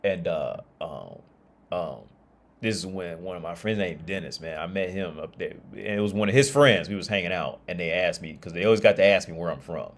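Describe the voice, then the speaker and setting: A man's voice: sits low, animated, a little fast. An American man in a casual, rambling livestream monologue, swearing freely, laughing often and restarting his sentences. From United States.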